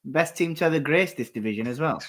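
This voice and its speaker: A man co-hosting a fan stream, describing the match play as it happens in a relaxed, casual way. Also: on the high side, fast. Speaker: co-host giving match commentary. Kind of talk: casual live match commentary.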